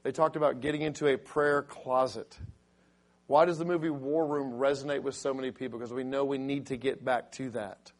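A middle-aged man with a raspy voice, a pastor preaching a sermon who rises to loud, emphatic delivery when quoting scripture. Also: medium pitch, steady tone, a little fast.

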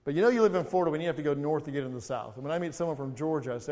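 Pastor, male, sermon in a reverberant church hall, fairly high voice, builds emphasis on scripture, loose and jokey between verses. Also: rapid-fire, few pauses, a little mellow. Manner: preaching with rising emphasis, reading scripture aloud; chatty humorous asides. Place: church sanctuary.

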